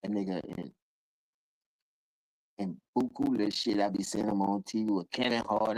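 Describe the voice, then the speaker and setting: A man hosting a live call-in show, riffing in rough, profane street talk. His voice sits dark and mellow most of the time, then leaps into sudden high bursts whenever he acts out someone else. The sound is dry, with no room echo. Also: steady tone, normal speed, long pauses. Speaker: livestream host. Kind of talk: casual ranting commentary.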